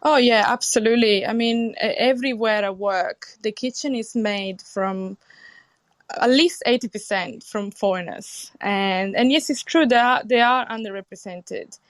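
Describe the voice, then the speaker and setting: A woman's voice: on the high side, moderate pace, no echo. A young adult woman chef from Sicily with an Italian accent touched by British English, talking earnestly and frankly in an interview. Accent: Italian with British English influence. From Sicily, Italy. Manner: earnest, frank, with frequent restarts. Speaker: chef, guest. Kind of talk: casual interview conversation.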